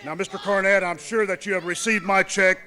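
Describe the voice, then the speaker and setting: Pompous, commanding high-voiced man. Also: steady tone, brisk, pushed and bright. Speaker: wrestling manager. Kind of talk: boastful wrestling promo.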